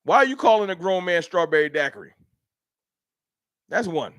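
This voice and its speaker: Animated trash-talking man on a livestream. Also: high voice, moderate pace, no room sound, studio quality. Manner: trash-talking, animated, reads chat aloud. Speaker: livestream host. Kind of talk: casual livestream sports banter.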